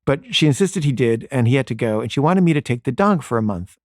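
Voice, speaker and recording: Man, storyteller, conversational, fillers, medium pitch, dry close recording. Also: expressive, fast talker, no room sound. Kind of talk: personal story told to an audience.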